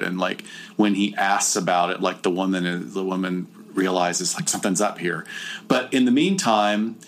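Animated, lower-voiced man casually recapping a movie. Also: slight background noise. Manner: animated, laughing, jumps into impressions. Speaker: podcast host.

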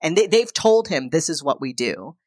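Podcast co-host, woman, low pitch, animated storyteller voicing characters in passing. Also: normal speed, dry recording, clean studio sound. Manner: animated retelling, acting out characters' lines. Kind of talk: casual chat recapping a film.

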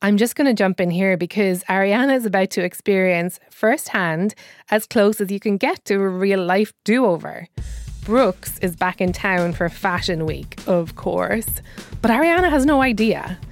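A woman's voice: medium pitch, lively intonation, normal speed, no echo, faint music behind. A woman hosting a podcast, narrating and interviewing in a conversational, storytelling way. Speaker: podcast host.

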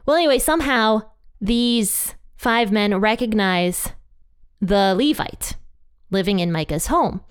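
A woman's voice: medium pitch, expressive, measured pace, smooth. A woman teaching a Bible passage in a casual, chatty way, retelling the story conversationally. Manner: chatty, conversational retelling with playful quoted voices.

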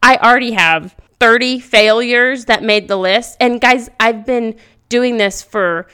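Loud, animated woman podcast host. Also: fairly high pitch, measured pace, clean tone. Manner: speaks loudly; animated storytelling with frequent laughter. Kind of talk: casual motivational podcast monologue. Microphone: podcast microphone.

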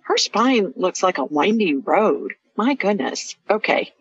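A woman's voice: medium pitch, very animated, measured pace, slightly rough, dry recording. A woman hosting a live call-in radio show, talking callers through her visions in a chatty, reassuring way. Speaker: radio show host, intuitive healer. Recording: dry, muffled radio audio.

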